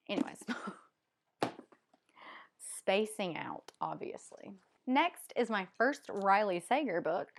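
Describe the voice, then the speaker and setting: A woman with a Southern US accent chatting casually as a book vlogger, rambling and hesitant with many ums. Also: medium pitch. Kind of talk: casual chat.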